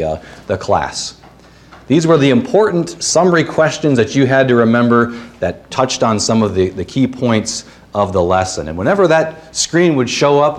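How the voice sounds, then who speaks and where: A man preaching a sermon as the pastor of a church, earnest and reading scripture, with playful asides and puns. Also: fairly low pitch.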